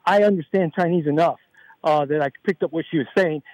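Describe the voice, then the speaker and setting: A man's voice: fairly high pitch, a little fast, darkish tone, low-quality recording. A man calling in to a radio talk show, earnest and rambling, running his thoughts together. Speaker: caller. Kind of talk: phone-in call to radio show.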